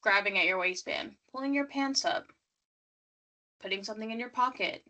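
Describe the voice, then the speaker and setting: A woman hosts a casual true-crime podcast, her voice bright and a touch high. She steers the conversation and quizzes her co-host as she sets up the story. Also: normal speed.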